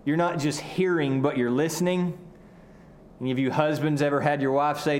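A man from Arkansas with a Southern drawl, preaching a sermon earnestly, often repeating words and slowing down for emphasis. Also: on the high side, steady tone, a little hiss or hum. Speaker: pastor.

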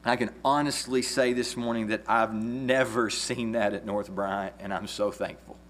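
A man preaching a sermon as pastor, earnest and measured, with a few restarts. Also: on the low side, fairly even intonation, fairly bright tone, a little hiss or hum.

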